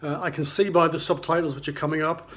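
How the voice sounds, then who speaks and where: A man's voice: fairly high pitch, fairly even intonation, fast, a bit bright. Chatty man with a slight Geordie accent. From North East England. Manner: chatty, many fillers and restarts. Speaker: running shoe reviewer. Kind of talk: casual spoken product review. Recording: roomy echo.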